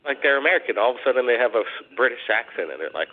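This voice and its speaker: Male call-in host, casual and rambling, mid-pitched, lo-fi phone-quality audio. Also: very animated, rapid-fire. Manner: chatty, rambling, repeats questions. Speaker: radio call-in show host. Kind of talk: casual call-in radio chat.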